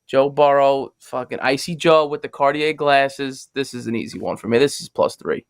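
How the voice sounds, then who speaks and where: A man's voice: medium pitch, normal speed, clean tone, no echo. A man with a mid-range voice talks through his sports picks in a confident, slangy way and swears freely. The sound is dry and close. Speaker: podcast guest. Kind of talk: casual sports betting chat.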